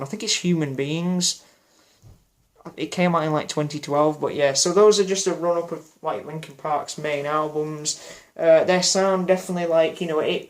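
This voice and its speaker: A man vlogging a loose personal reflection, his voice sitting a little higher than most men's. He rambles, circles back, and leans on fillers and restarts, apologising now and then for forgetting details. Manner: apologetic about memory slips. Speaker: music vlogger.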